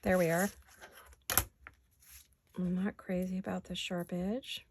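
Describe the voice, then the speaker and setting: A woman craft vlogger in her home studio, her voice raspy from allergies, chatting casually and self-deprecatingly to viewers while she works. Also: fairly low pitch, little pitch movement, takes it slowly, long pauses, darkish tone, no echo.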